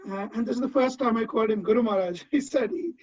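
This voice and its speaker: With a very high-pitched voice and a fast pace, a man delivers a heartfelt disciple's tribute, recounting memories earnestly and repeatedly starting phrases over. The recording is dry, dull and lo-fi.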